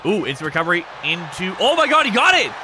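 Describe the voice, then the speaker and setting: A man's voice: high voice, big pitch swings, quick pace, background noise. A man hosting a live game stream, commentating matches and chatting with viewers in a loose, laughing, foul-mouthed way.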